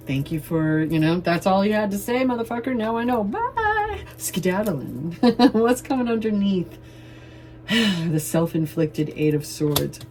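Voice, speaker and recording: Woman, tarot reader, low mellow voice, casual and playful, swears freely. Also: a little hiss or hum. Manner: chatty and loose, swears playfully, laughs often. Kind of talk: casual tarot reading to camera.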